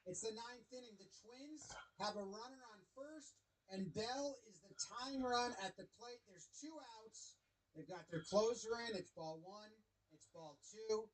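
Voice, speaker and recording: A man's voice: high-pitched, a little slow, rough recording. A man giving wry, chatty play-by-play commentary over a baseball clip. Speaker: sports video commentator.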